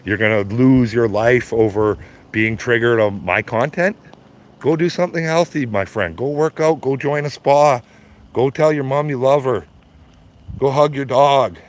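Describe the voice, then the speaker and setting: A Canadian man in his fifties ranting on a live stream, blunt and profane, mocking his critics and laughing at his own jokes. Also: medium pitch. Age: 50s. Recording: slightly dull lo-fi stream audio.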